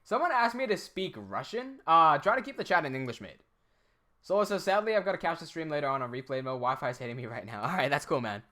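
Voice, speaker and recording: Bright-voiced man chatting on stream. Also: on the high side, fast. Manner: animated, profane, laughs often. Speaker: live streamer. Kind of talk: casual live-stream chat.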